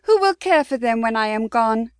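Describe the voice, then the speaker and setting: A woman's voice: fairly high pitch, expressive, moderate pace, clear, resonant tone, no room sound, clean studio sound, close to an everyday voice. A woman voicing a defiant, fiery young noblewoman in an audiobook, speaking indignantly. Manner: indignant, emphatic. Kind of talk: audiobook character voice.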